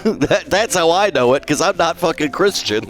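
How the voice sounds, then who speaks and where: Animated, playful male streamer. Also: a little high, normal speed, soft background music. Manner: playful, jokey, talks to chat. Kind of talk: casual live-stream chat.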